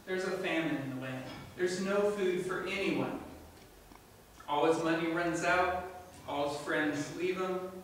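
Pastor guy preaching, high bright voice, lots of echo, sounds far from the mic. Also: measured pace, slight background noise. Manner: animated storytelling, asks the congregation questions. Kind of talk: sermon. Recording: echoey room from far off.

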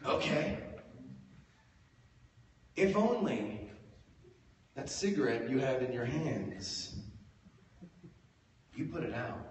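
Male live storyteller, animated and theatrical; distant phone audio in a reverberant hall with faint ambience. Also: mid-range voice, takes it slowly, pauses often, a little hiss or hum. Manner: animated, swinging from hushed to loud for effect. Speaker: storyteller on stage. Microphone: phone stream from the audience.

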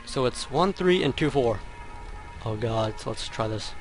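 A man's voice: medium pitch, expressive, a little slow, soft background music. A man commentating his own gameplay, often muttering to himself and exclaiming in frustration. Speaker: let's play gamer.

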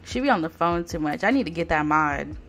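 A woman giving casual let's-play commentary on a life-sim game, animated, laughing often, swearing and talking straight to viewers. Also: low voice, brisk, soft background music. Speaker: Sims gameplay YouTuber.

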